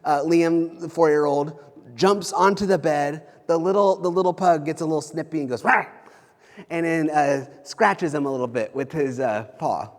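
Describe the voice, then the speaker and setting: A man's voice: a little high, moderate pace, darkish tone. A man in his thirties preaching a sermon as a pastor, talking conversationally with frequent restarts and repeated phrases. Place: church sanctuary. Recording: long hall reverb.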